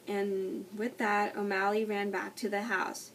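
Woman, reading a children's book aloud, careful, stumbling restarts, mid pitch, distant mic, faint hiss. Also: little pitch movement. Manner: slow, careful reading with frequent slips and restarts. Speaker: storybook reader.

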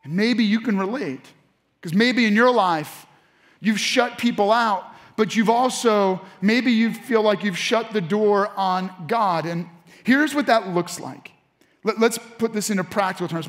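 Male pastor, high voice, animated sermon delivery, long church reverb. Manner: animated preaching with audience call-outs. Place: church sanctuary.

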